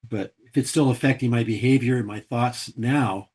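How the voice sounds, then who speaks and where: A man's voice: medium pitch, normal speed, darkish tone, slightly rough. A man in a casual podcast discussion about recovery, thinking aloud and searching for the right words.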